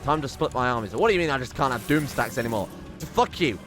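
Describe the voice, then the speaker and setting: A young man commenting on his strategy game, excitable and sweary, muttering to himself as he plays. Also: mid-range voice, fast, soft background music. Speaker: gaming channel host. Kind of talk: let's play commentary.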